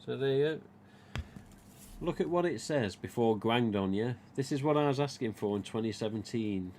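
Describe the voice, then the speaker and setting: Chatty and rambling, an East Midlands man hosts a casual live stream about his mask collecting, retelling bits of dialogue as he goes. His voice is medium-pitched and expressive, fairly quick and a little mellow, with a faint hiss or hum underneath.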